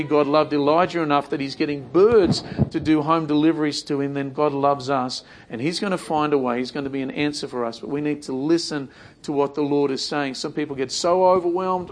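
A man's voice: on the high side, fairly even intonation, a little fast, slight background noise. A man preaching a sermon in a conversational way, repeating phrases and acting out imagined prayers.

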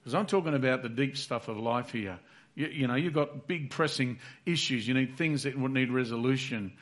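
A man's voice: medium pitch, normal speed. A man preaching a sermon, earnest and repetitive, acting out heartfelt prayers aloud.

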